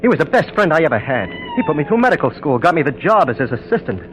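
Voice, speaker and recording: An earnest, shaken young doctor. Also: male voice, on the high side, wildly swooping pitch, fast talker, a little hiss or hum, rough recording. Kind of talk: 1930s radio drama acting.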